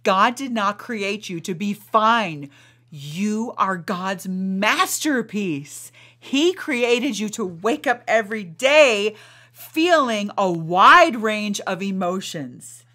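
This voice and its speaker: A woman who hosts a podcast, guiding a slow, soothing meditation and then coaching her listeners with emphatic encouragement. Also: mid-range voice, animated, bright, forceful tone. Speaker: podcast host and life coach. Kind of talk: guided meditation and coaching talk.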